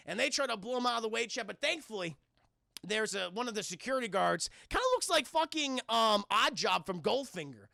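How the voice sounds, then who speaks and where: Gravelly, bright-voiced man recapping a film. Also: sits high, animated, brisk, no room sound, studio quality. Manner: rambling, profane, keeps addressing chat. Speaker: film reviewer streaming to chat. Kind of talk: casual scene-by-scene recap.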